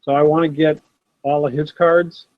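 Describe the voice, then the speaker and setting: Here a fairly high-pitched man talks at normal speed in a flat way, with no echo. He's a middle-aged host of a live sports card stream, casually answering viewers by name from his home desk. The sound comes through a built-in laptop camera mic and is dull and dry.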